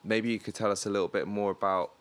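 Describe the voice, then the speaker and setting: A man's voice: on the low side, fairly even intonation, fast talker, fairly bright tone. A man hosting a casual conversation, asking friendly, easygoing questions with plenty of fillers. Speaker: podcast host.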